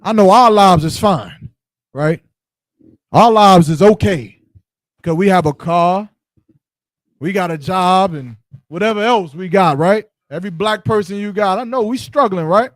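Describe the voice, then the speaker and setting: In a high-pitched voice and at a somewhat slow pace, a male Bible teacher delivers street-style scripture lessons in short, punchy bursts. He asks rhetorical questions and guides a reader between verses; the recording has no echo.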